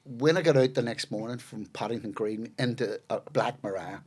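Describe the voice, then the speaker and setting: A man's voice: mid-range voice, normal speed, darkish tone, breathy edge. A middle-aged man, a podcast guest telling rambling, profane anecdotes. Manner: swears freely, rambling anecdotes with fillers. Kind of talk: casual storytelling.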